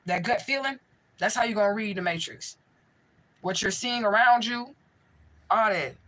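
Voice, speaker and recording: Bright-voiced woman medium chatting on a livestream, cussing, talking straight at the viewers. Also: medium pitch, normal speed, poor audio. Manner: blunt, profane, talks straight to viewers. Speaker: spiritual medium, livestream host. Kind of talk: casual livestream talk answering chat.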